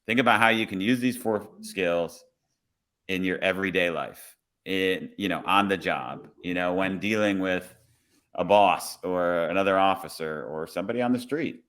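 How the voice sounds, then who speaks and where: Low-voiced man telling a story. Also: normal speed. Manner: relaxed, conversational, acts out his own quoted lines. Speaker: police officer. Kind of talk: casual storytelling on a podcast.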